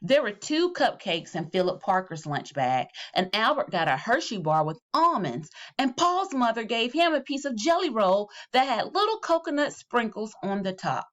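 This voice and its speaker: A teacher reads a children's picture book aloud, her storytelling lively and animated, with her voice dipping low on the repeated refrains. She keeps a normal speed and barely pauses.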